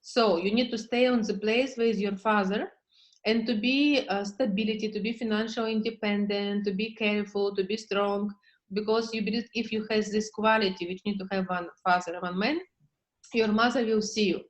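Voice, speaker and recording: A woman therapist coaching a client in slow, halting English with many fillers. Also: mid-range voice, fairly even intonation, poor audio. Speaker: therapist leading a session.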